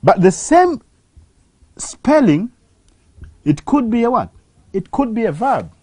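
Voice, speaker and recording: A teacher walks through a grammar lesson at an unhurried pace. The voice rises and falls a lot, and it often pauses on questions to the class. The sound is close and dry, with no room around it. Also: mid-range voice, very animated, a little mellow, dry recording. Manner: slow, deliberate, asks rhetorical questions. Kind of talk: televised English grammar lesson.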